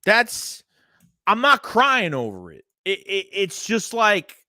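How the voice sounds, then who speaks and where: A man's voice: sits high, wildly swooping pitch, takes it slowly, pushed and bright, no room sound, studio quality. A man hosting a casual sports livestream, ranting bluntly with profanity and repeating himself while reading chat messages. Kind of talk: casual fan rant reading live chat.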